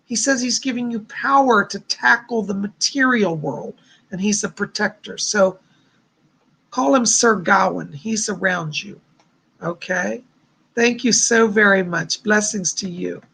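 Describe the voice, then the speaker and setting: A man's voice: high voice, measured pace, vocal fry, pushed and bright, slightly rough. A man hosting a live stream of psychic readings, chatty and effusive, reading out viewers' messages and showering them with thanks and blessings. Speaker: psychic host.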